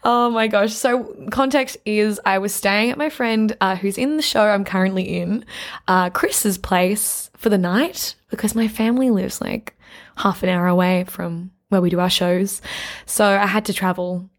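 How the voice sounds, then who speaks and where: A woman's voice: medium pitch, unhurried. A woman vlogging to camera from a craft room, chatting in a bubbly, gushing way with playful asides. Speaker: vlogger and podcast host. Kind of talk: casual chat to camera. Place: her mother's craft room, indoors.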